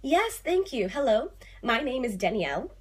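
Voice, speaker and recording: Fast-talking, animated young woman vlogger. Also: on the high side, breathy edge. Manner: fast, animated, playful asides. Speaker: activist vlogger. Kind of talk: casual direct-to-camera vlog. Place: home room, on hold on a phone call.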